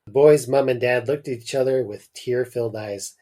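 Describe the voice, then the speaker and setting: A man hosting a podcast, reading a short story aloud with expressive delivery and jokey asides. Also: mid-range voice, moderate pace.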